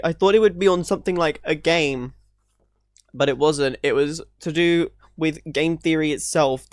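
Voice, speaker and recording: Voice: mid-range voice, dry recording, clean studio sound. A YouTube creator reacting to a video, teary and emotional, speaking in an earnest, gushing way and stumbling over words.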